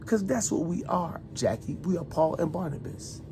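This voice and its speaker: A middle-aged man, a retired soldier, delivering a heated, accusatory monologue aimed at one person, repeating himself and swinging between loud outbursts and hushed asides. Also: on the high side, expressive, moderate pace, background noise.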